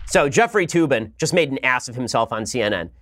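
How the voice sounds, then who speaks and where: A man's voice: mid-range voice, expressive, fairly bright tone. A man hosting a podcast, delivering a sarcastic, combative political commentary monologue. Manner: rapid-fire delivery. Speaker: podcast host.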